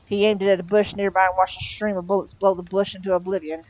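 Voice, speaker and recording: A woman narrating a novel aloud on a live stream, with steady storytelling delivery. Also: medium pitch, fast talker, low-quality recording.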